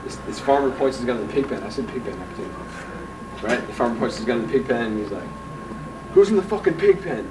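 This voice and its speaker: A man's voice: medium pitch, racing, far from the mic, noisy background. A young man at an outdoor party rambling through a profane, drunken joke, restarting often. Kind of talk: drunken casual joke-telling.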